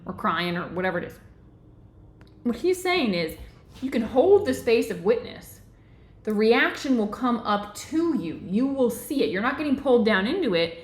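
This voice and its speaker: A woman's voice: on the high side, sing-song, moderate pace, reverberant. A woman hosting a live online book club, reading from a book and explaining it in an earnest teaching voice, often checking in with "right?".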